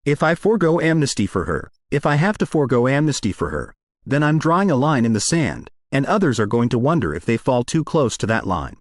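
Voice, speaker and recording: A man's voice: mid-range voice, big pitch swings, fairly quick, no echo, lightly acted. Man reading as armored hero leader; insistent, urgent, dry close read. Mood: pleading. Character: earnest adult male armored hero leader.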